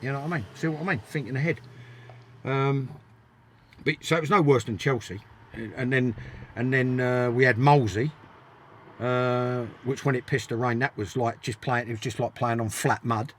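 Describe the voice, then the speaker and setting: A man's voice: mid-range voice, fairly even intonation, normal speed, slight background noise. Blunt older man telling stories. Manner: blunt, emphatic, repeats himself. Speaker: interview guest, former footballer. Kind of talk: casual storytelling, swearing freely.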